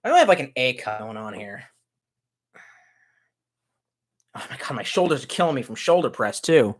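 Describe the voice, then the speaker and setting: A male streamer talks off the cuff, cursing and wandering from one thought to the next while he answers chat. His pitch swings widely, and the sound is dry and close on a desk mic. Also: lively intonation, moderate pace, dry recording. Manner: profane, rambling, reacts to chat. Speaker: live streamer. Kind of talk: casual live-stream chat.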